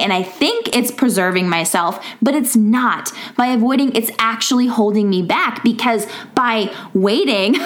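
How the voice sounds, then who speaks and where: A woman in her thirties hosts a podcast and delivers a casual pep talk from home. Her voice sits a bit high. She is chatty, laughs often and fills her sentences with "like". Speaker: podcast host. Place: home in a rural area.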